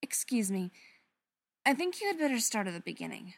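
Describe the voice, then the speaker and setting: A woman voicing a calm, kindly older man. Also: mid-range voice, creaky, dry recording. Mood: calm explaining. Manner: measured, explaining.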